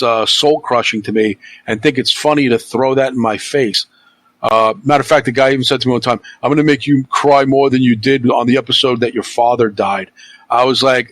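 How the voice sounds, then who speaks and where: A man's voice: mid-range voice, fairly bright tone, no echo. A man hosting a podcast, ranting heatedly and with a lot of swearing in casual chat. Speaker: podcast host.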